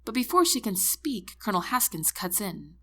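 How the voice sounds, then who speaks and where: A woman narrates a first-person novel in an expressive, animated voice of middle pitch. Her delivery moves freely up and down, and she sinks into a hushed whisper for inner thoughts. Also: moderate pace. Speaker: audiobook narrator.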